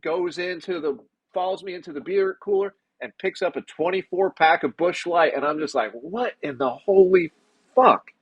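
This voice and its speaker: A man hosting a podcast, telling stories in casual chat with lots of swearing and an animated delivery. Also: high voice, normal speed, hardly any pauses, husky, muffled recording. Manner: profane, animated storyteller. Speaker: podcast host.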